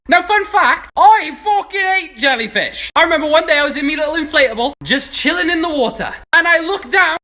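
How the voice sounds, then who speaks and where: A man doing comic science commentary, excitable and sweary, breaking into shouted punchlines. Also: very high voice. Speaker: social media creator.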